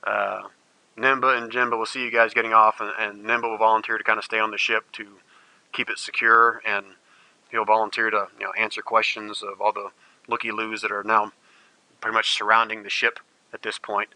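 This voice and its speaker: A man's voice: lowish voice, flat delivery, brisk, sharp tone, no room sound, rough recording. A man narrating as game master, rambling with many fillers.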